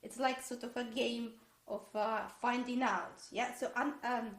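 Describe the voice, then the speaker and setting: Teaching a violin masterclass online, a woman hesitates with many fillers and sings musical phrases on syllables. Her voice is a little high, with fairly even intonation and a measured pace, and the recording carries a roomy echo.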